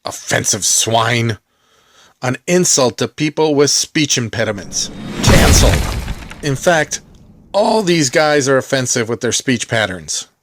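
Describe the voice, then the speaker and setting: A man's voice: medium pitch, lively intonation, unhurried, background noise. A middle-aged man hosting his own movie channel, delivering satirical commentary in a mock-sincere, heavily sarcastic tone. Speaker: movie collector vlogger.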